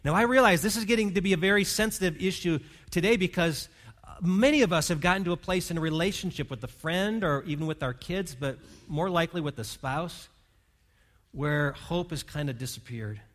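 A man's voice: sits high, a little fast, a bit bright. A man preaching a sermon as pastor, earnest and pastoral, leading his congregation in prayer and reading. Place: church hall.

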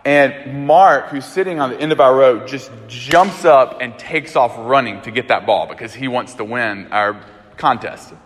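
An Alabama pastor preaches a sermon by telling a personal story, keeping it loose, animated and chatty. His medium-pitched voice is unhurried, with slight background noise and the echo of a hall.

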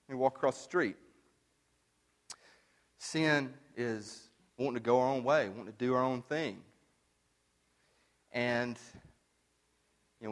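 A man preaching a sermon as pastor, casual and storytelling, shifting from animated to hushed. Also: fairly high pitch. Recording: long reverb of a large room.

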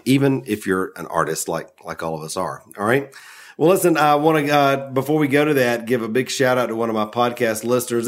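A man with a Southern US accent hosting a podcast in a friendly, chatty way, with many fillers. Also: on the low side. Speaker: podcast host. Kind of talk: casual podcast interview.

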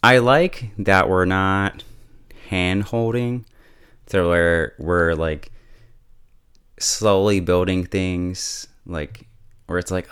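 Low-voiced chatty man recapping a show. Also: measured pace, clear, resonant tone, no room sound, studio quality. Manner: relaxed, chatty, laughs often, heavy use of "like" and "yo". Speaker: TV show reviewer. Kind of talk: casual episode recap and review.

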